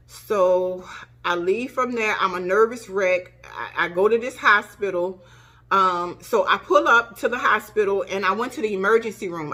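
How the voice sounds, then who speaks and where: A middle-aged woman telling her own story casually to her channel, acting out the quoted lines, with a cough. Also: mid-range voice. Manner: animated retelling, acts out quoted dialogue. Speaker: vlogger.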